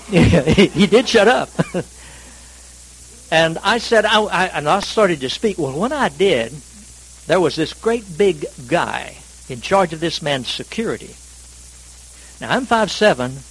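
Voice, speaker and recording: At a church service, a man from North Carolina, USA preaches a sermon through folksy, self-deprecating stories, swinging dramatically in pitch and volume. His voice is husky, and the recording quality is low.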